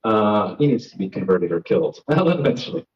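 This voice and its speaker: This young man from Florida has a lowish voice that swings widely in pitch, though his speed stays normal. As stand-up comedian and host, he rambles, mocks himself and plays off the crowd on a comedy stage. The recording is lo-fi live stream audio.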